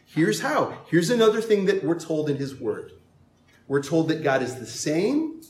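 A man preaching a sermon as pastor, emphatic and animated, with playful asides to the congregation. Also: high-pitched, roomy sound, a little hiss or hum.

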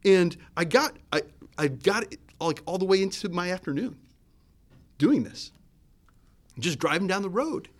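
Animated conversational man preaching. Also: measured pace, pauses often. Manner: conversational, searching, with restarts and lively swings in pitch and loudness. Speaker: pastor. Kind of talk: sermon.

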